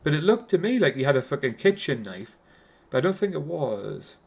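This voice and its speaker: A man's voice: on the high side, big pitch swings, a little fast, creaky, darkish tone, breathy edge. A man with a Geordie accent giving a casual, rambling film review, swearing constantly and restarting his sentences.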